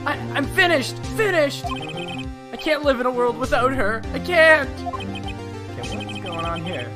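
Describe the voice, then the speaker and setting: A man's voice: extremely high pitch, very animated, measured pace, pitched above the performer's own voice, exaggerated voice. A man voicing a panicky, melodramatic young man who wails in despair, over music from a game. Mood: wailing despair. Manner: wailing, over the top.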